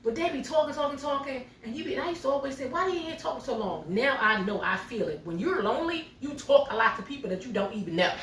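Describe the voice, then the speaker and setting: A middle-aged woman cooking at home tells her viewers a chatty story, speaking right to y'all as a home cooking vlogger. Her high, slightly bright voice is fast and lively, with few pauses. A little hiss or hum sits under a roomy, distant recording.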